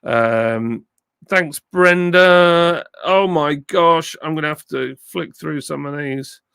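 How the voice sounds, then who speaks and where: Gravelly chatty English live streamer. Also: male voice, on the high side, slow pace, sharp tone, no echo, studio quality. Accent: southern English, softened by years in northern England. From southern England. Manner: chatty, thanking viewers by name, frequent ums and uhs. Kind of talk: casual live-stream chat, reading out viewer comments. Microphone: phone with a plug-in mic.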